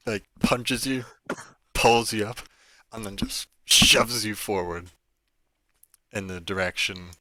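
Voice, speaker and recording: A man's voice: deep voice, pushed and bright, dry recording. A man narrating a tabletop game as dungeon master, casual and full of fillers. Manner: casual, with many fillers like "like" and "kinda".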